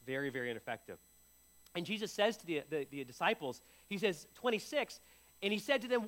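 Lively, conversational male preacher. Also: fairly high pitch, fairly quick. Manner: conversational, repeats words, lively delivery. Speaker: pastor. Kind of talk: sermon.

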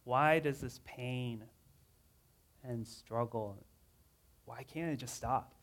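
A man's voice: medium pitch, slow pace, a bit bright. A man preaching a sermon in a casual, conversational way, reading scripture aloud with rising emotion. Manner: earnest, reads scripture dramatically with rising emotion.

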